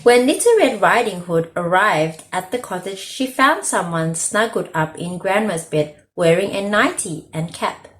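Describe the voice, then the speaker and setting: Lively woman reading a bedtime story. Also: mid-range voice, a little slow, hardly any pauses. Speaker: storytime reader. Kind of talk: read-aloud children's story.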